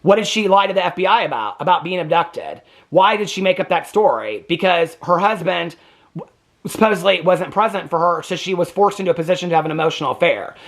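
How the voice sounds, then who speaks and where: A man's voice: sits high, animated, fast talker, a bit bright. A man hosting a TV reaction channel, giving opinionated commentary in an indignant, emphatic way and stressing points with a repeated "okay?". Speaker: TV reaction host.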